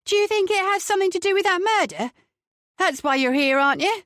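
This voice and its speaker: A woman's voice: very high voice, expressive, a little fast, fairly bright tone, no room sound, clean studio sound, voice pushed up. A woman doing a big, pitiful pleading man. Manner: whiny and pleading.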